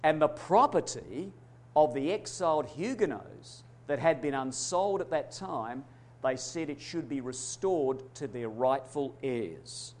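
A man preaching a sermon, emphatic, swinging between loud declarations and hushed asides. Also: mid-range voice, lively intonation, measured pace. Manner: addresses congregation as brothers and sisters.

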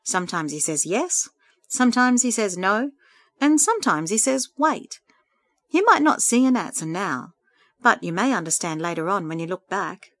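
A woman reading a story aloud, voicing a kind woman friend who speaks gently and encouragingly. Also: mid-range voice, very animated, moderate pace, no room sound, studio quality.

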